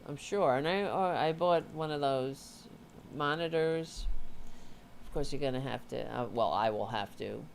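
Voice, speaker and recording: A woman's voice: rumbling low, a little slow, creaky, a little hiss or hum. A woman hosting a casual livestream, rambling and swearing as she chats and talks to her cat. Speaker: host.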